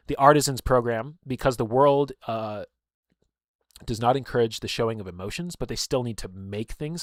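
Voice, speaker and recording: A man's voice: lowish voice, dry recording, clean studio sound. A man telling stories in casual chat, rambling with many fillers and openly emotional. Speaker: streamer and game player.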